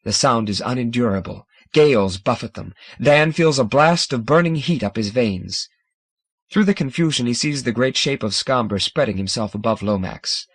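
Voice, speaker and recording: A man reading a science fiction audiobook in a dramatic, measured narration style. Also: mid-range voice, lively intonation, husky, no echo. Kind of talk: scripted narration.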